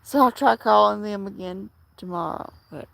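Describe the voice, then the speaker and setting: A woman's voice: medium pitch, normal speed, creaky, fairly bright tone, dry recording. A middle-aged woman chatting casually with viewers on a livestream from home, rambling through stories with many restarts. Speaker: livestream host.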